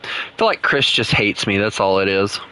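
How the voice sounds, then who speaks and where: Southern US man, game streamer, playful teasing banter, bright sharp tone. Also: lowish voice, lively intonation, moderate pace, clean tone. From Southern United States. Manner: playful, teasing, laughs often. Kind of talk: casual gameplay chat with co-players.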